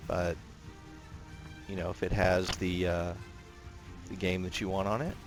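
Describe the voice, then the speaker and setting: A man giving casual commentary while playing a naval combat game, talking in a relaxed, rambling way with many fillers and restarts. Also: deep voice, measured pace, music in the background. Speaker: gameplay commentator.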